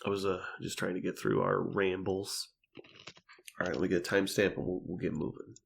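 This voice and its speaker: Casting: young male podcast co-host, low gravelly voice, profane and jokey, quick to laugh and act out quotes. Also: little pitch movement. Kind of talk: casual podcast chat.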